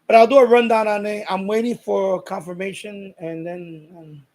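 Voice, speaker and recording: A man's voice: sits high, flat delivery, normal speed, a little mellow. A man hosting a live stream, chatting casually and rambling, repeating himself and reading viewer comments aloud.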